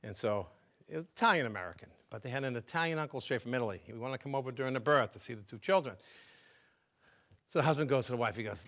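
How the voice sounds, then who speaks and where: A man's voice: medium pitch, lively intonation, quick pace, a bit bright. An older man doing a stand-up comedy set, telling jokes in a rambling, stumbling, chatty way.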